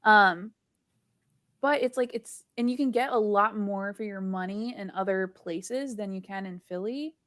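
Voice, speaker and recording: A woman's voice: mid-range voice, a little slow, fairly bright tone, no room sound, clean studio sound. Giggly woman telling a story. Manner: giggly, storytelling, lots of "like" fillers. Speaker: livestream co-host. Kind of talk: casual chat.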